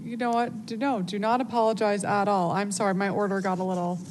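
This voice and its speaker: A woman council member chairing a public hearing, brisk and courteous as she calls witnesses. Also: medium pitch, flat delivery, a little mellow. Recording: hearing-room audio with clear ambient noise.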